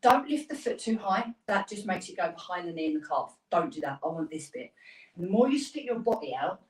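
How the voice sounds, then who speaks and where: A woman's voice: fairly low pitch, sing-song, fairly quick, echoey room, distant mic, low-quality recording. A woman fitness instructor leading a live workout class, giving upbeat, encouraging cues and counting down the reps.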